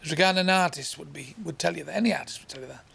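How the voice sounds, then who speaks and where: A man's voice: fairly high pitch, very fast, bright, forceful tone. A man from England doing crude, swearing stand-up storytelling, acting out voices and sounds along the way. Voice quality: gravelly. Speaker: stand-up comedian.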